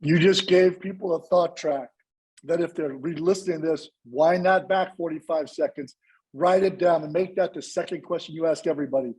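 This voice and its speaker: Husky high-voiced man hosting a podcast. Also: moderate pace, a little mellow, poor audio. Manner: emphatic, coaching tone with brief affirmations. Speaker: podcast host. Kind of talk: casual podcast conversation.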